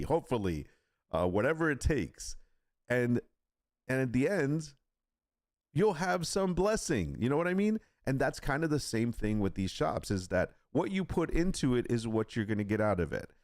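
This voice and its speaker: A man chats casually on a live stream, rambling through asides and restarts. His low voice rises and falls in lively swings. The sound is dry and close, with no room echo. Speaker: live stream host, print-on-demand seller.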